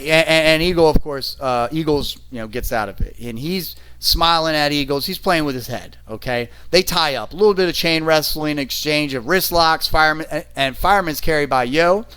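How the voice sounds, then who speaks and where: A man talking through wrestling matches in a loose, chatty solo review. His voice sits a little high for a man, and he rambles with restarts and small chuckles. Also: a bit bright, clear, resonant tone.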